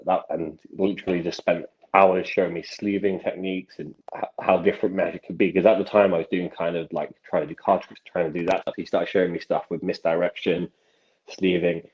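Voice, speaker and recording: A young man, a magician telling stories from his life as a podcast guest, with animated delivery and frequent restarts. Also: sits low. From England. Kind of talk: casual podcast storytelling. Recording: dull lo-fi sound.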